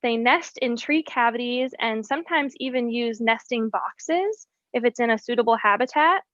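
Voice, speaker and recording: A woman's voice: a little high, moderate pace, fairly bright tone, no echo, highs cut off. Woman teaching about birds of prey. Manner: explanatory, with frequent ums. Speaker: wildlife educator. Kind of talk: educational presentation.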